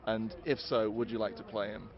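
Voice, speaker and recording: A man's voice: on the low side, flat delivery, moderate pace. A man interviewing a guest outdoors at a fan convention, friendly and hesitant, with many fillers. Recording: dull lo-fi sound.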